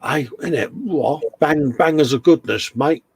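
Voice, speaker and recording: A man's voice: a little high, unhurried, a little mellow, breathy edge, dry recording. Chummy British man hosting a hobby livestream. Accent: British English. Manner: chummy and matey, calls everyone mate. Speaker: host of a model-building livestream. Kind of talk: casual chat, reading out viewer comments. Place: home workshop bench.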